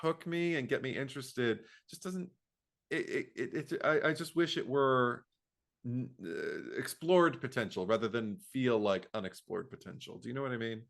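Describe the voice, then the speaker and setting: A man co-hosts a casual movie podcast, speaking at a middling pitch. He is animated and stumbles over his words, often acting out reactions and laughing mid-sentence. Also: moderate pace, vocal fry. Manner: animated, acts out quotes, stammers, laughs while talking. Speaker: podcast co-host. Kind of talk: casual film discussion.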